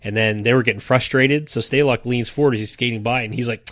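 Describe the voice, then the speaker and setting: A man talks through a sports podcast in a relaxed, chatty way, laughing often as he recounts stories. His voice sits at an ordinary middle pitch. The sound is dry and close, with little room to it. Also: quick pace, no echo. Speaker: podcast co-host. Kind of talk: casual sports podcast chat.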